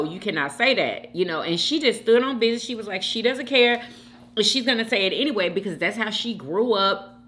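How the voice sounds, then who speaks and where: A woman hosting a mukbang channel, chatting casually to her viewers while she eats and calling out to them often. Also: medium pitch. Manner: animated, keeps addressing viewers as "y'all".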